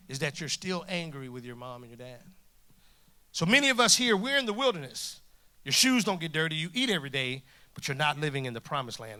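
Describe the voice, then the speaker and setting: A man in his forties delivers a humorous sermon from a church stage, his voice bright and forceful and sitting a little high for a man. He tells his stories with lively, jokey energy, acting out the dialogue as he goes. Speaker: guest preacher. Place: church stage before a congregation.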